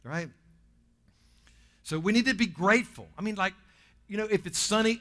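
A man preaching a sermon in church, swinging between loud bursts and quiet asides. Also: high voice, normal speed, long pauses. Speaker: pastor.

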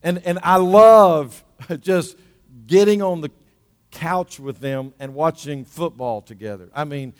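A middle-aged man preaches with a hoarse, slightly high voice. He is emphatic and repeats key words to drive them home. His voice rings with the long reverb of a big church hall. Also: slow pace. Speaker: pastor. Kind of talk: sermon. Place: church sanctuary.

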